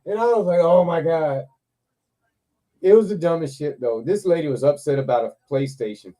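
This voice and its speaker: A man hosts a casual live chat and tells a story in an animated, laughing way, swearing as he goes. His voice is deep-toned and mellow, with no brightness to it. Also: moderate pace. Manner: laughs often, swears freely, animated retelling. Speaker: live stream host.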